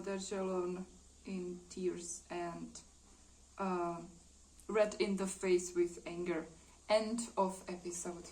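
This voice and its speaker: A woman retelling her own old comic in a casual, hesitant way, full of fillers and small laughs. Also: medium pitch. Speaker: artist showing her drawings.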